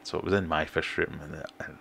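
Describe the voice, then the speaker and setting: A middle-aged British man hosting a relaxed livestream, chatting and reading out viewer comments in a self-deprecating way. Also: a bass voice, brisk, vocal fry, slight background noise. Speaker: fishkeeping livestream host. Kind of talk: casual livestream chat.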